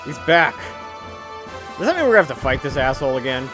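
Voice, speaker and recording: A man's voice: medium pitch, fast talker, over music. Chatty, jokey man commenting on a game. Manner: chatty and jokey, with loud excited outbursts. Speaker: let's play commentator. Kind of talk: casual video game commentary.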